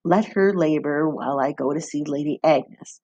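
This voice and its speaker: Woman doing a harsh, sharp-tongued midwife. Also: low-pitched, normal speed, no echo, dull audio. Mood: cold, scornful.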